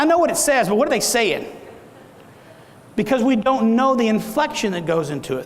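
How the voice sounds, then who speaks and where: Man, middle-aged, motivational speaker, high gravelly voice, asks the crowd questions, reverberant conference hall. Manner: animated, audience questions, acts out tones. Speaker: keynote speaker. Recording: echoey hall.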